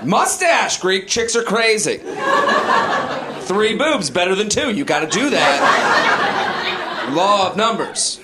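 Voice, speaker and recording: Guy doing stand-up, high lively voice, shouts out the quotes, noisy club with laughs behind. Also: slow, pauses often. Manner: animated, shouting mimicked lines. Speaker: stand-up comedian. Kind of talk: stand-up comedy set. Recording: live club set with audience noise. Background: audience laughter.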